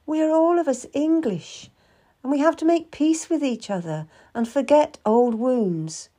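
A woman's voice: high voice, measured pace, mellow, pitched above the performer's own voice. Woman reading as a sorrowful lonely widow. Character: grieving Puritan widow, lonely, gentle and shy. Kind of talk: audiobook reading.

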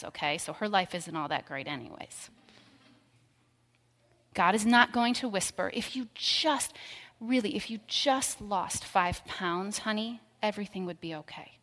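Woman, pastor, sermon, lowish voice, storytelling, soft whispers, long hall reverb. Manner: storytelling, drops to a soft whisper for tender lines.

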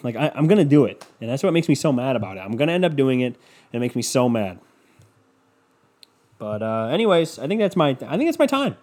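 A man's voice: medium pitch, very animated, quick pace, long pauses, a little mellow. Young guy ranting solo on a podcast, swearing a lot, all over the place, sarcastic. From Cleveland. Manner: scatterbrained, profane, sarcastic ranting. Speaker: podcast host. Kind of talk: rambling solo podcast monologue. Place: home room with windows open.

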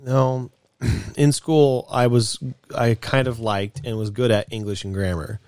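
A man's voice: mid-range voice, fairly even intonation, unhurried, vocal fry, darkish tone, dry recording, clean studio sound. A young man co-hosting a podcast, talking in a hesitant, self-deprecating way. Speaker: podcast co-host. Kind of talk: casual chat.

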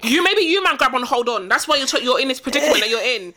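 A young woman co-hosting a podcast, quick and emphatic, often cutting in. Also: high voice, expressive, sharp tone. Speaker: podcast co-host. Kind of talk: casual chat.

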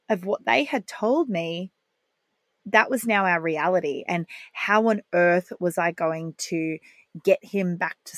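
A woman's voice: mid-range voice, dry recording. A woman, hosting a podcast and telling a candid, heartfelt personal story with the odd laugh. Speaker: parenting podcast host.

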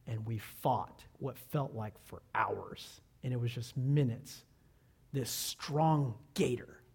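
A man preaching a sermon in a somewhat high voice. He tells stories and quizzes the congregation, shooting up loud on exclamations, then sinking low and quiet. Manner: animated, swings between loud exclamations and quiet low asides; asks the congregation questions. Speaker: pastor. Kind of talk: sermon with storytelling.

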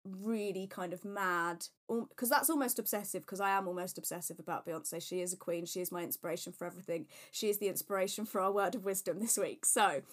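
A woman's voice: medium pitch, fairly quick, few pauses. A woman co-hosting a casual podcast, chatty and rambling, gushing about her interests. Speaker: podcast co-host. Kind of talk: casual chat.

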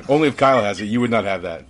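A man's voice: lowish voice, lively intonation, a little fast, a bit bright, faint music behind. A man narrating a tabletop game as game master, rambling with many fillers.

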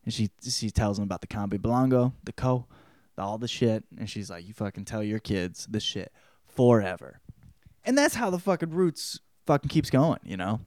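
A man hosting a podcast, giving a casual spoken book report in a profane, rambling way, breaking into loud quoted outbursts. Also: lowish voice, dry recording, studio quality. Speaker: podcast host.

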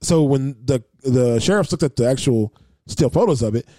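A man's voice: medium pitch, animated, warm tone, no room sound. A man telling a long story in casual, profane chat, quoting other people as he goes. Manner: fast, swearing, acts out others' lines.

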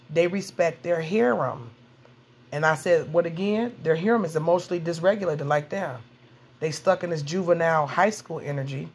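With a low, slightly mellow voice, a middle-aged podcast host delivers frank, swear-laden dating tips. Her monologue is casual, and she leans on repeated phrases for emphasis.

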